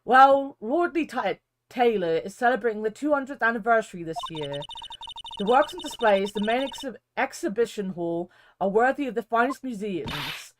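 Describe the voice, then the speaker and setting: A woman's voice: on the high side, lively intonation, normal speed, noisy background, lightly acted. A woman reading as a polite curator. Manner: polite, formal. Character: polite, earnest female museum curator. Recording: game music behind voice.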